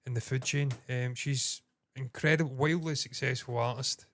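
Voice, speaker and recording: Scottish guy, podcast cohost, swears a lot, animated rants n stories. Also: mid-range voice, moderate pace. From Scotland. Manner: sweary, animated storytelling with mocking impressions. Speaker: podcast co-host. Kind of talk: casual chat.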